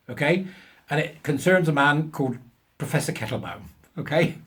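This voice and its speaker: A man hosts a commentary show in a crude, ranting tone. His pitch swings widely as he talks, and his voice sits a little high for a man. He keeps breaking into laughter at his own jokes. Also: animated, a little fast. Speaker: host. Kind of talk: commentary and joke telling.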